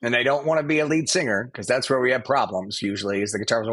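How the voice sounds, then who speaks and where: A man's voice: medium pitch, fast talker, fairly bright tone, husky, no room sound. Playful man co-hosting a podcast, dry sound. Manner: playful, bursts into singing. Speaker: podcast co-host. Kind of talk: casual chat.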